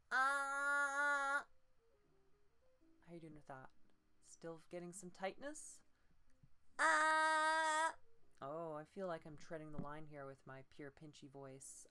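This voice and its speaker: A woman voice coach giving a streamed voice-training lesson in a subdued, patient way. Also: low voice. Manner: subdued, patient instruction broken by demonstrated croaks and pinched tones. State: low energy.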